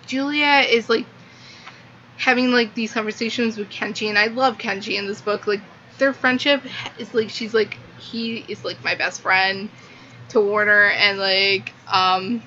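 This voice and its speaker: A woman's voice: medium pitch, steady tone, unhurried, bright, forceful tone. A young woman gushing through a casual book review, peppering almost every phrase with "like". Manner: gushing, filler-heavy, lots of "like". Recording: muffled lo-fi with faint hiss.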